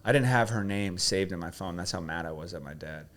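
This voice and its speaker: Guy, lowish voice, digging in with questions then opening up about his own story. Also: a little fast, fairly bright tone. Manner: probing, then emotional storytelling. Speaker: guest coach. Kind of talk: coaching conversation and personal story.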